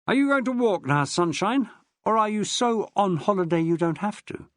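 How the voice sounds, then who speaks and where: A man voicing a jovial, wry middle-aged schoolteacher in an audiobook, hearty and booming. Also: expressive, moderate pace, no room sound, studio quality. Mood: teasing.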